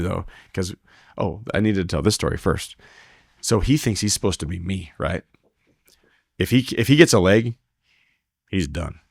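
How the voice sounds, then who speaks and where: A man with a gravelly, lowish voice, recorded at studio quality with no echo, guests on a podcast as a team roper. He tells an animated, casual story, voicing the quotes himself and swearing freely.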